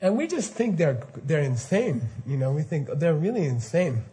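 A man giving an informal spiritual lecture to students, animated and often laughing, with mock-incredulous asides. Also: a little high, normal speed. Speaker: spiritual teacher.

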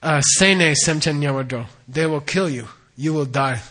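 A middle-aged man teaching Buddhist tradition, explaining terms slowly and often checking in with "okay?". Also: a little high, bright, forceful tone. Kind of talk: dharma teaching.

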